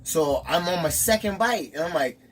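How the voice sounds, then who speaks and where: A man's voice: on the high side, moderate pace, crowd noise. A man telling a story in casual chat, acting out quotes and laughing often. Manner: animated storyteller, acts out quotes, laughs a lot.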